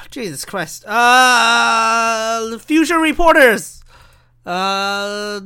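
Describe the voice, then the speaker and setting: A young man with a high, bright, crisp voice talks alone on his podcast. He rambles from thought to thought, swears freely and keeps stopping to restart his sentences. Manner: rambling, profane, self-interrupting. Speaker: podcast host. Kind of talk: rambling solo podcast monologue.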